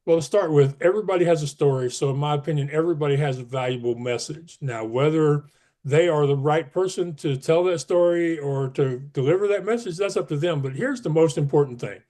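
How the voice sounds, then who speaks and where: A man's voice: a little high, a little fast, dark tone. A man speaking as a podcast guest, earnest and emphatic, pushing up his voice on key advice. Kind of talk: casual interview talk.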